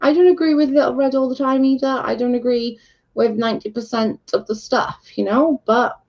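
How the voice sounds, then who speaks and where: A woman chatting on a livestream and answering viewer comments, blunt and a little sweary. Her voice is mellow and gravelly with plenty of fry. The sound is dull and lo-fi. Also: fairly high pitch, moderate pace. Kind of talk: casual chat. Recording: dull lo-fi recording.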